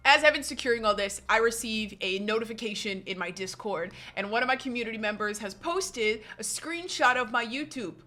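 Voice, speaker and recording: A woman's voice: fairly high pitch, animated, brisk, few pauses, bright, forceful tone. A young woman telling a story on her vlog, dramatic and self-mocking, acting out her own panicked lines.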